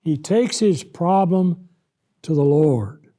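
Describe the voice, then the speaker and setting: A man's voice: fairly high pitch, expressive. A man preaching a Bible lesson, emphatic, reading scripture aloud and acting out the words of God with rising force. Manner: slow, emphatic, rises loud when voicing God.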